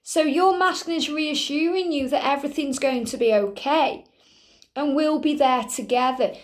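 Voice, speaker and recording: A woman with a high voice talks through a spiritual reading. Her delivery is earnest and reassuring, and she keeps checking in with the listener through small asides. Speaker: spiritual reader.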